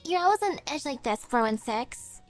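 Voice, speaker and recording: A woman's voice: high voice, expressive, moderate pace, soft background music. A woman voicing a lazy, sleepy young female soldier doll who talks in a drowsy, teasing way.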